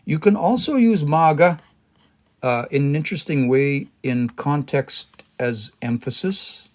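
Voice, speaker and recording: A man's voice: on the high side, animated, darkish tone. Man thinking aloud through a language lesson. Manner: thinking aloud, pausing and restarting, reading phrases slowly. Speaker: language learner teaching a live stream. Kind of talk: casual live-stream language study.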